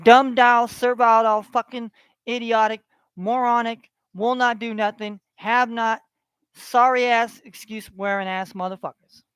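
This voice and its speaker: A man's voice: extremely high pitch, little pitch movement, unhurried, fairly bright tone, clear, resonant tone, no echo. A man delivering a heated, profane rant to his online audience, repeating himself as he builds his tirade. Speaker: online ranter.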